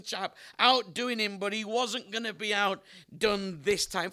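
An evangelist in his fifties delivers a sermon in a high, bright voice. He leans hard on emphasis and keeps asking his listeners questions. His tone stays forceful and sharp. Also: a little slow. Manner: emphatic, asks the audience rhetorical questions. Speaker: evangelist preacher.

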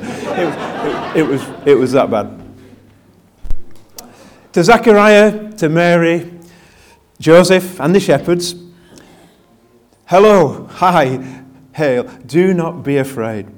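An older man, a pastor, giving a chatty, self-deprecating Christmas sermon and drawing answers from his congregation. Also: a little high. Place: church with live congregation.

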